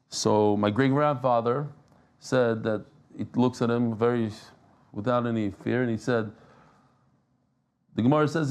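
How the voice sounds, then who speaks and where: A man giving a lively Talmud class, telling stories and joking with the people in the room. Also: mid-range voice, unhurried, long pauses. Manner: animated, joking, mixes Yiddish and Hebrew terms. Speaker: daf yomi teacher. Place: class with live audience.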